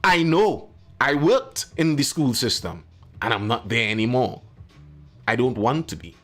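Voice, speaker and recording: Trini guy on a live stream, emphatic, mid pitch, faint music behind. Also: expressive, measured pace, fairly bright tone. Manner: emphatic, talks to chat by name. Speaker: live show host.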